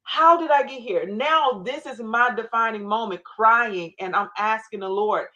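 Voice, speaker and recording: A woman with a somewhat high voice tells her personal story of faith as a guest. She speaks with strong emotion and quotes scripture. She acts out the prayers she remembers saying. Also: measured pace, pushed and bright, lo-fi sound.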